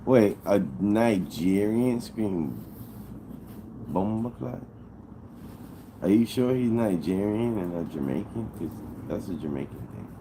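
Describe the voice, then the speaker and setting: Low-voiced, unhurried man, streamer chatting with chat, slangy and profane, noisy background. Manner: laid-back, profane, slangy. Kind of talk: casual chat reading chat. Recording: steady background noise with vehicle sounds.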